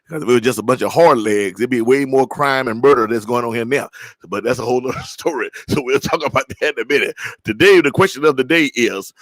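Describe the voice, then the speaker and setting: A man's voice: mid-range voice, dry recording, poor audio. A man with an East Texas Southern accent hosting a livestream, chatting casually and telling folksy, rambling stories. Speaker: livestream show host.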